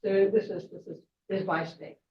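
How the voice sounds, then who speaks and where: A woman's voice: on the low side, fairly even intonation, moderate pace, slight background noise. Older woman, guest speaker, chatty storytelling, distant roomy dull recording. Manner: chatty, digressive, wry asides. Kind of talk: storytelling lecture.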